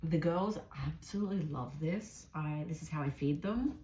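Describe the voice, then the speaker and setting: A woman's voice: deep voice, moderate pace, dark tone. A woman from Australia with an Australian accent, chatting casually while cleaning a pet cage, filmed on a phone resting in the cage. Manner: chatty, rambling, talks to pets in sing-song baby talk. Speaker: pet vlogger. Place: indoors at a large pet cage. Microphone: phone camera resting on a cage shelf. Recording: echoey room, faint noise.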